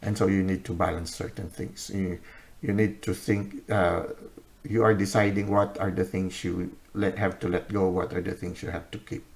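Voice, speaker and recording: A man with a very deep voice talks through a tarot spread to his viewers. He goes slowly, pausing on fillers and checking in with a questioning "no?" or "okay?" as he explains each card. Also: flat delivery, gravelly. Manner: unhurried, many "uh" pauses, often ends with "no?" or "okay?". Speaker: tarot reader. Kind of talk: unscripted tarot reading to camera.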